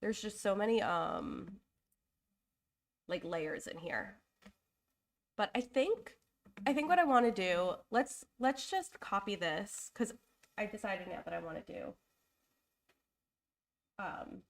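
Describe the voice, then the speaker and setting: Speaking slowly with big swings in pitch, a young woman's gravelly, medium-pitched voice leaves long pauses. She's hosting a live design stream while recovering from a cold, chatting casually and thinking aloud with fillers and self-corrections in an openly emotional, apologetic way.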